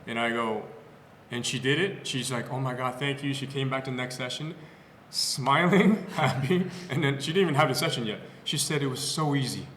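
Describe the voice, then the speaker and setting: At a moderate pace, a mid-range male voice belongs to a physical therapist casually telling patient stories on a podcast, animated and full of fillers and restarts. There's slight background noise, and the clinic room produces a roomy echo with long reverb.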